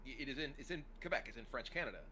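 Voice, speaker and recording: A man's voice: medium pitch, expressive, rapid-fire, sharp tone, a little hiss or hum, rough recording. A man from the United States talking as a podcast guest in a rambling way, full of "like" and restarts. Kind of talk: casual chat.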